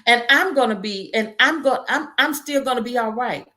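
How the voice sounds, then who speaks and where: This is a woman host in a conversational interview. Her voice sits on the high side, and she speaks in an earnest, reflective way, often restarting a phrase before finishing her thought. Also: normal speed, pushed and bright.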